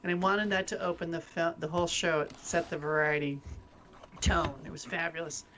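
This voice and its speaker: A lively woman chatting on a live stream, laughing often as she talks. Her voice sits a little low for a woman. Faint room ambience hums behind her. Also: a little fast, noisy background. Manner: laughs often, animated, loses her train of thought. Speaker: co-host. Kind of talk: casual chat.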